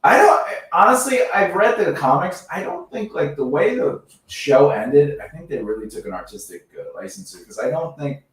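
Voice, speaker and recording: A man's voice: on the high side, sing-song, moderate pace, a bit bright. Guy joking around on a podcast, laughs a lot, bouncy voice, roomy echo from off mic. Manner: jokey, laughs often, acts out quoted voices. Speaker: podcast co-host. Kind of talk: casual joking chat. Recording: echoey room, distant mic.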